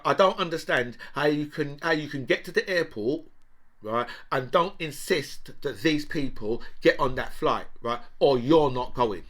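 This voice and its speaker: A man's voice: medium pitch, fairly bright tone. A man hosting a political commentary show, talking in a rambling, exasperated monologue and tagging his points with constant questions to the listener.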